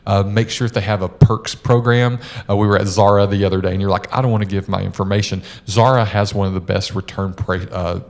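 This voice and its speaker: A man's voice: on the low side, fairly even intonation, fairly quick, few pauses. A middle-aged man co-hosting a podcast, chatting casually and telling stories with lots of "uh" and "you know". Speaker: podcast co-host.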